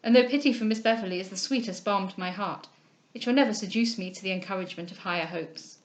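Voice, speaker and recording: A woman reading a novel aloud, voicing an anxious, earnest young gentleman who pleads with the heroine. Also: medium pitch, fast talker, natural voice. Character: ardent, humble young gentleman suitor, anxious. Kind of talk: audiobook character reading.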